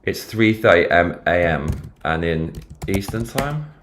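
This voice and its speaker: A man's voice: deep voice, expressive, a little slow, a bit bright, a little hiss or hum. A man with a London accent hosting a casual livestream, rambling and swearing freely as he talks over the news and reads viewer comments. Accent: London English. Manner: rambling, profane, slangy. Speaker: livestream host.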